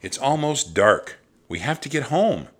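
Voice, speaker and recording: A man's voice: medium pitch, big pitch swings, a little slow, a bit bright, slightly rough, voice pushed up, exaggerated voice. Man doing a cautious doubtful boy, storybook, slightly raised voice. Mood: worried. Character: cautious eight-year-old boy, sensible and doubtful. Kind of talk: storybook reading.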